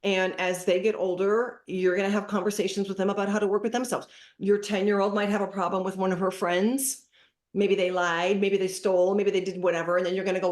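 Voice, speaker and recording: A middle-aged woman giving parenting advice as a podcast guest, lively and acting out what to say to kids. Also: mid-range voice, brisk. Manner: animated, acts out dialogue with kids as examples. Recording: roomy echoey room.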